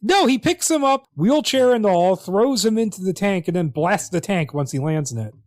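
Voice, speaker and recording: A man with a notably high voice talks through a screenplay in casual podcast chat. His delivery is wry and chatty, with bursts of laughter. The sound is dry and close, with no room around it. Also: lively intonation, moderate pace, darkish tone, no room sound. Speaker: podcast co-host.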